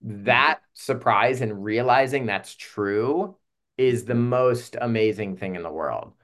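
A man hosting a podcast, talking in a relaxed, reflective way with plenty of filler words. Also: medium pitch, takes it slowly. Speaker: podcast host. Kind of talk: casual podcast conversation.

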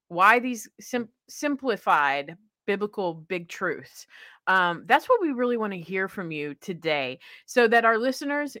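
Bubbly lady hosting a podcast, bright voice, laughs a lot, dead dry mic. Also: mid-range voice, dry recording. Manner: bubbly, laughing, self-deprecating. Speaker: podcast host. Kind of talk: casual podcast chat.

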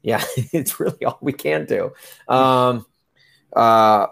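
A man co-hosting a casual sports podcast, animated and laughing, repeating phrases for emphasis. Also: medium pitch, slow, creaky. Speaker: podcast co-host.

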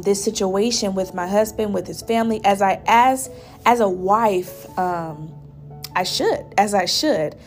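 Soft-spoken gravelly young woman, earnest podcast host. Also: mid-range voice. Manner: soft, reflective, earnest, with frequent pauses and restarts. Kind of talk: personal faith podcast monologue.

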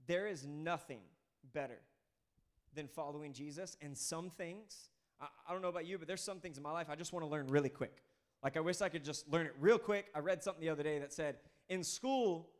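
A man in his thirties preaching with a high, bright voice. He is energetic and conversational, breaking off to talk straight to the congregation. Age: 30s. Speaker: pastor. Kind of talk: sermon.

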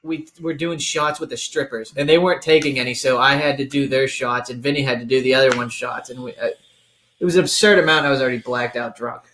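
A man's voice: medium pitch, fairly even intonation, fast, bright, forceful tone, slight background noise. Man in an echoey room, joking. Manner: joking, tells tall tales with a straight face. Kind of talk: casual chat.

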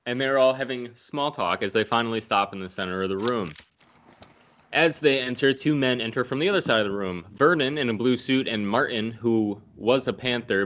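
A man's voice: medium pitch, a bit bright. A man casually recapping a movie scene by scene, swearing freely and laughing at his own jokes. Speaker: podcast host recapping a film.

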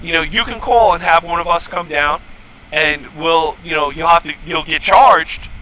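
A man's voice: a little high, normal speed, a crowd in the background, poor audio. A man hosting a casual podcast, telling stories in a profane, heated rant. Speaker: podcast host. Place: home podcast setup.

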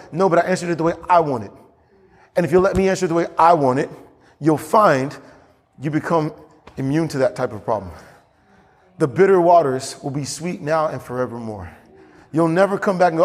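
A pastor preaching a sermon in a church, getting animated and climbing high as he acts out scripture. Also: brisk, big-room sound.

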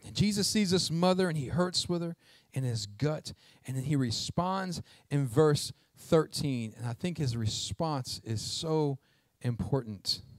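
A man's voice: on the high side, expressive, measured pace, no echo, clean studio sound. A male pastor preaching a sermon, emphatic and asking the congregation questions.

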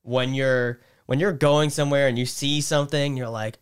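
A man casually telling a story on a podcast, animated and profane, getting loud when he acts out scenes. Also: mid-range voice, normal speed, hardly any pauses, smooth.

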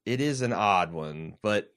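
A man's voice: on the low side, expressive, measured pace, a bit bright, clear, resonant tone. Rambling joking podcast host, a man. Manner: rambling, joking, many restarts. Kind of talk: casual podcast chat.

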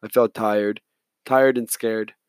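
A man reading a novel aloud in measured, subdued first-person narration. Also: on the low side, steady tone, a little mellow, smooth, no room sound. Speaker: audiobook narrator.

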